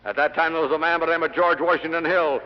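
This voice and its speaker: A man's voice: a little high, fairly even intonation, fast. A middle-aged man giving an after-dinner sales speech to a hall audience, telling anecdotes with punchy, dry humor. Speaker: sales lecturer. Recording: dull 1960 LP of a hall speech.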